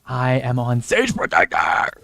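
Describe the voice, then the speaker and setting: A man's voice: medium pitch, huge pitch swings, a little slow, vocal fry, bright, forceful tone, no room sound. A man streaming a video game, trading blunt, profane, joking banter with his teammates. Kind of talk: casual gaming banter with teammates.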